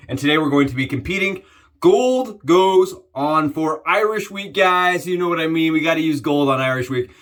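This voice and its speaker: A young man chats casually to his viewers while shaving on camera, repeatedly calling them "guys." His voice is a little high and a bit bright.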